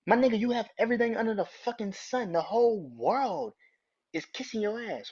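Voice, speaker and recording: A man hosting a casual podcast, talking bluntly and profanely and breaking into loud, incredulous rants. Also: high voice, expressive, a little fast, breathy edge, highs cut off. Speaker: podcast host.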